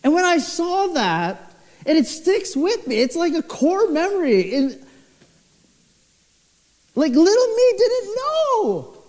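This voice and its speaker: A young man, a pastor, preaching a sermon with expressive storytelling, his voice swinging low and high. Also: takes it slowly, pauses often. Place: church hall. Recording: church hall with long reverb.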